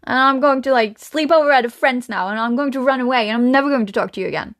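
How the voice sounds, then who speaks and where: A woman voicing an angry teenage girl who rants at her mother in a shrill, rapid voice. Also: fairly bright tone. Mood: furious. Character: furious teenage girl yelling at her mom.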